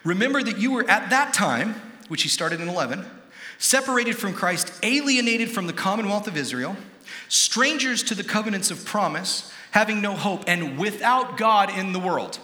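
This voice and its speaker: An American man preaching a sermon as pastor, animated, acting out quoted voices and quizzing his congregation. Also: high voice, moderate pace. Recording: echoey hall with long reverb.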